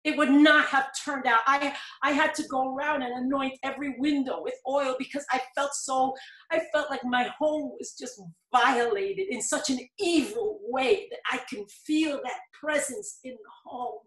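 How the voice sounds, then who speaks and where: Earnest middle-aged woman talking in an interview, high voice, roomy echo. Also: normal speed, a bit bright. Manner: earnest storytelling, rising to pleading emphasis. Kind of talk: personal testimony in conversation. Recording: echoey room.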